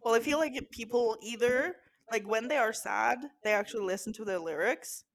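A young woman co-hosting a podcast in casual chat, talking hesitantly with many pauses. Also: on the high side. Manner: hesitant, many fillers and restarts. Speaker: podcast co-host.

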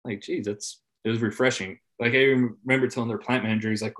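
A man in casual conversation, laid-back, swearing freely and trailing off softly at the ends of his phrases. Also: medium pitch, fairly even intonation, fast talker, few pauses. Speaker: podcast guest. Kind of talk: casual chat.

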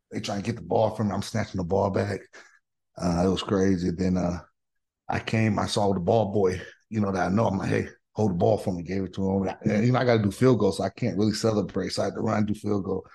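A middle-aged man, a former pro football lineman, telling excitable stories with slang in a podcast chat. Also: lowish voice, quick pace, vocal fry, slightly rough. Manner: animated, excitable storytelling with slang. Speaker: podcast guest, former NFL offensive tackle. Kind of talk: casual storytelling.

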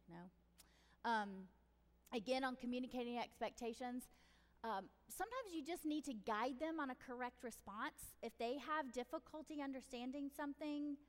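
There's a long reverb tail around a slightly high female voice. She's a middle-aged parenting podcast host in a casual advice talk, chatty and direct, who regularly acts out exchanges between parents and children.

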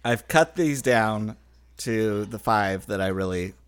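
A man co-hosting a podcast, casual chat and dry, deadpan comic reading. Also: fairly low pitch, takes it slowly, clean tone. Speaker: podcast co-host.

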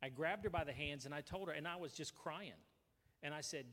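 A man earnestly sharing a personal testimony at a gathering, speaking into a handheld mic with halting restarts. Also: fairly high pitch, a bit bright, big-room sound.

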